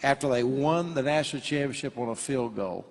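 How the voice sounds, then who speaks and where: A man's voice: medium pitch, brisk. A man with a mid-range voice leads an onstage interview, prompting his guest in an easygoing way. A long reverb from a large hall trails his voice.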